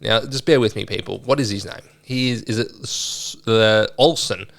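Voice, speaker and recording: A man's voice: fairly low pitch, normal speed, gravelly. A young Australian man hosting a solo sports podcast, chatting casually and a bit rambling as he previews the weekend's games. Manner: chatty, lively, rambling with fillers.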